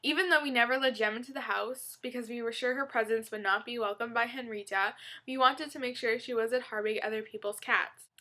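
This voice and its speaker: A woman's voice: fairly high pitch, fairly even intonation, brisk, few pauses, pushed and bright. A woman reading a humorous blog post aloud in a playful, loosely acted way. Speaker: reader.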